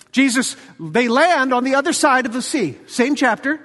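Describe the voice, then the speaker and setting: Male preacher, high bright voice, animated storyteller, long church-hall reverb. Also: normal speed. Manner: animated storytelling, acts out quotes, jokes. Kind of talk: sermon.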